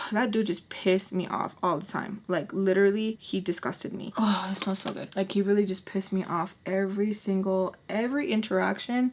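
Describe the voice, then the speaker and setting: A woman telling a casual storytime while doing her makeup, chatty and exasperated, often dropping into hushed asides. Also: mid-range voice. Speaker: storytime vlogger.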